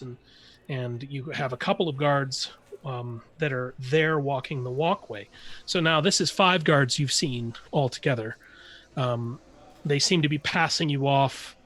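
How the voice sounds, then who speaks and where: A man's voice: mid-range voice, fairly bright tone. Man narrating a tabletop game. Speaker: game master.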